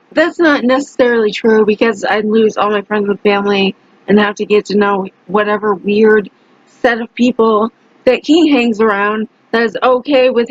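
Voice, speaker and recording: A woman's voice: on the high side, no room sound, lo-fi sound. A young woman vlogger telling a story in a blunt, heated way, with heavy swearing. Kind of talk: casual storytelling rant.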